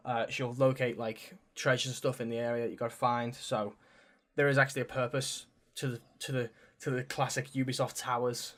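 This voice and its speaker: A man's voice: mid-range voice, little pitch movement, a little fast, fairly bright tone. A young man co-hosting a podcast, chatting casually about video games in a rambling way with casual swearing. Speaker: podcast co-host.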